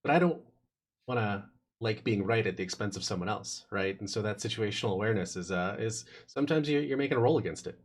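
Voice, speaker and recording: Man with a lowish voice, podcast co-host; reflective, wry. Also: animated, fast. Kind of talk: casual chat.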